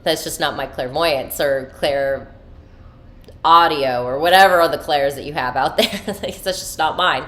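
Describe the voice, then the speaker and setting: A young woman hosting a podcast in a casual, animated style, swearing freely and using many fillers. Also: low-pitched, moderate pace. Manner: animated, chatty, profane, filler-heavy. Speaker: podcast host. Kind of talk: casual spiritual podcast chat.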